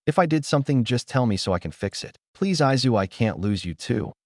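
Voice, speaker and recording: A man's voice: mid-range voice, expressive, brisk, dry recording, clean studio sound, close to an everyday voice. A man voicing a tearful pleading teen boy. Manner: emotional, pleading. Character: teen boy, crying, pleading twin brother.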